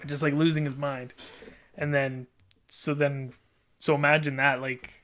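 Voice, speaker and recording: A man's voice: mid-range voice, little pitch movement, unhurried, a bit bright. A man casually telling a long story as a podcast guest, rambling with lots of "like" and restarts and laughing as he goes.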